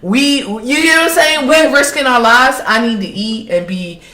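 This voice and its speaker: A woman's voice: on the high side, moderate pace, pushed and bright, reverberant. A woman co-hosting a casual anime reaction stream, emphatic and talking straight to her audience. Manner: emphatic, keeps addressing the audience as y'all.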